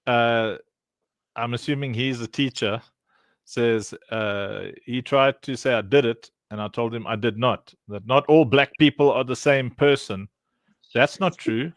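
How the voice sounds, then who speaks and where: A man's voice: mid-range voice, a little slow, no room sound, clean studio sound. A man from South Africa co-hosting a livestream, telling jokes in casual group chat and laughing often. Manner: joking, laughing often, deadpan teasing. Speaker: co-host of a livestream.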